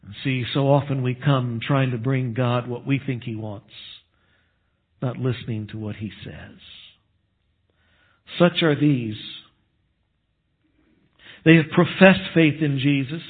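A man preaching a sermon as a pastor, earnest and emphatic, dropping to a low hush on solemn points. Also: slow pace, pauses often, slightly rough. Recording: tinny phone-like sound.

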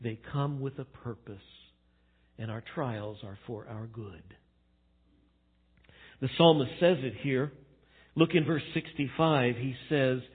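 A male pastor preaching a sermon, swinging from hushed, slow emphasis to loud, playful acting out. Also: mid-range voice, husky. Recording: tinny phone-like sound.

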